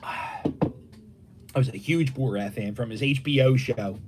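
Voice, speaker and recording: At a measured pace, a middle-aged man from Philly tells casual, rambling stories on a livestream from his dining room at home. His medium-pitched voice swings widely in pitch, bouncing around a lot, and he performs the voices of the characters in his tales.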